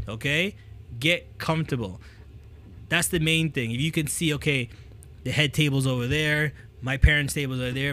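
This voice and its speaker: A man hosting a talk, giving casual speaking tips into a handheld microphone and often checking in with "okay?". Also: on the high side. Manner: energetic, repeats "okay?" to check in; demonstrates with the mic, moving it near and away. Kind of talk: casual coaching talk to camera.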